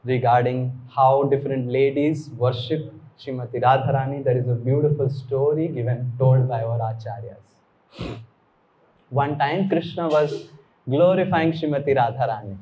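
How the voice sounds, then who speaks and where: A man giving a devotional sermon, explaining scripture slowly and mixing in Sanskrit terms. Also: mid-range voice, muffled recording, slight background noise. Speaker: spiritual teacher.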